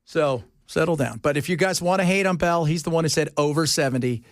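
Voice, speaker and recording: A man hosts a radio talk show from the studio, teasing his co-hosts in easygoing banter and imitating the people he quotes. He speaks a little high and a little fast, and the recording is dry and clean.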